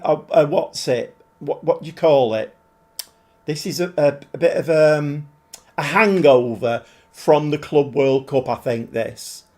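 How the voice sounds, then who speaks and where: A man, commentating on his own football management game in a livestream. He talks slowly and in a rambling, chatty way, thinking aloud and answering his viewers as he goes. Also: a little high, darkish tone. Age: 70s. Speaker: gaming livestreamer. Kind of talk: live game commentary and chat.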